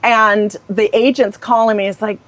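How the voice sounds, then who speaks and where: A middle-aged woman in an interview, an animated storyteller who acts out the voices she quotes. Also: medium pitch, normal speed. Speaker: real estate agent, guest.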